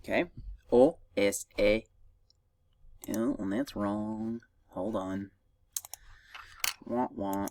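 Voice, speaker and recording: A man's voice: on the low side, slow pace, pauses often, a little mellow, no echo, clean studio sound, far from the mic. A man teaching a recorded Spanish grammar lesson, patiently drilling verb conjugations for his students to repeat.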